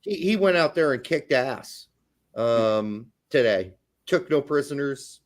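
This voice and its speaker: A man's voice: medium pitch, expressive, slow. A man co-hosting a casual soccer podcast, talking in a profane, emphatic way. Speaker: podcast co-host.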